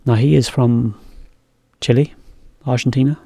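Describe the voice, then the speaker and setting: A man teaching English in a relaxed, chatty video lesson, explaining as he goes. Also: mid-range voice, measured pace, creaky, faint music behind.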